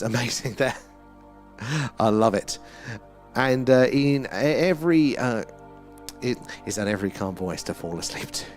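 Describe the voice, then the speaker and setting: A man with an Essex accent hosting a live sky-watch stream, chatting casually and reading out viewer comments. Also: mid-range voice. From England. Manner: chatty, reads out viewer comments, often trails off with "there".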